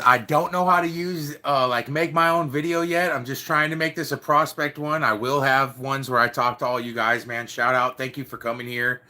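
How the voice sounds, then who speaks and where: A man's voice: medium pitch, bright, forceful tone. A young man telling stories casually to camera in a loose, slangy, swearing way, acting out the quotes.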